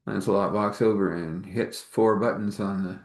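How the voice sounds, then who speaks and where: A man's voice: lowish voice, fairly even intonation, normal speed, gravelly. A man improvising a sci-fi story, rambling, chuckling often and slipping into character voices.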